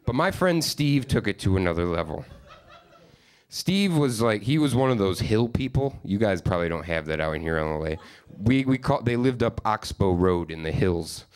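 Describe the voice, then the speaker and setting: A man's voice: on the low side, expressive, normal speed. A man in his thirties from upstate New York, telling rambling, profane, self-deprecating stories in a stand-up comedy set.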